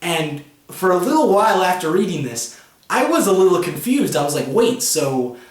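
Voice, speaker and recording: A man's voice: sits high, sing-song, brisk. A man giving a casual, chatty spoken review of a comic book, full of fillers. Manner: chatty, many fillers and 'you know'. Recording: roomy echo.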